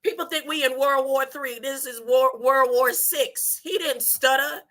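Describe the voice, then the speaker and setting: A woman's voice: high-pitched, steady tone, a little slow, a bit bright. A woman preaching on a live stream, laughing often, repeating herself and asking "huh?" between points. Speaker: online preacher. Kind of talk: animated live-stream talk about dreams and scripture.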